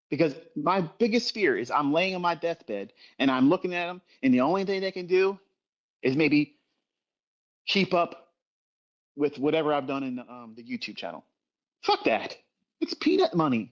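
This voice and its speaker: A man's voice: high voice, muffled recording. A middle-aged man speaking in an impassioned livestream rant about trading, blunt and emphatic, swearing constantly and repeating himself for force.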